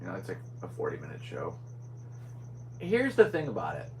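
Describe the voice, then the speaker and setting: Rambling low-voiced man. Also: huge pitch swings, fairly quick, background noise. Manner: rambling, scatterbrained. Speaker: podcast host. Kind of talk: casual solo podcast chat.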